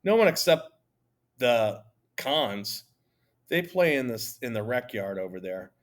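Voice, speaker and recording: A man voicing a sporty, matter-of-fact girl in a storybook reading, brisk and plain. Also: medium pitch, big pitch swings.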